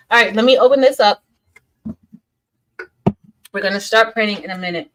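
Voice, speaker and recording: A woman's voice: mid-range voice, brisk, long pauses, low-quality recording. A young woman hosting a casual craft livestream, chatting loosely, trailing off and restarting sentences as she greets viewers by name.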